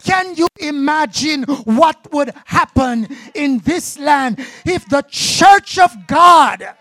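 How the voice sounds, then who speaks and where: A man pastor preaching a sermon with fiery passion. He swells into shouts, stutters his opening words and throws out calls of "huh?". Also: extremely high pitch, lively intonation, takes it slowly, no room sound. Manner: repeats opening words when starting a thought.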